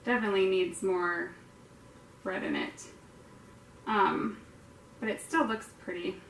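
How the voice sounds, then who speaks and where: A woman's voice: mid-range voice, steady tone, a little slow, a bit bright. A woman hosting a casual painting tutorial, chatty and rambling with lots of fillers, poking fun at herself. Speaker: art tutorial host. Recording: echoey room, distant mic, faint noise.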